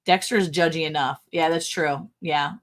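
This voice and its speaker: A woman's voice: low-pitched, fairly even intonation, moderate pace. A middle-aged woman co-hosting a casual livestream, giggling often and reading viewer comments aloud. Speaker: livestream co-host.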